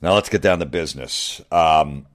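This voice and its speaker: A man's voice: very deep voice, moderate pace. A man hosting a podcast, talking casually in a profane, ranting, sarcastic way. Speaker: podcast host.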